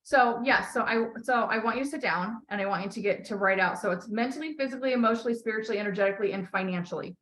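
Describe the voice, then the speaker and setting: A woman's voice: medium pitch, rapid-fire, hardly any pauses, fairly bright tone, low-quality recording. A woman coaching a client on a call, talking bluntly, swearing freely and encouraging her. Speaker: life coach.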